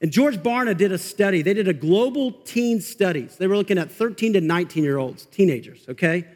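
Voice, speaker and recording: A male pastor giving an energetic, conversational sermon in church, getting fired up and laughing as he talks. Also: high voice, brisk. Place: church sanctuary. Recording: long reverb of a large hall.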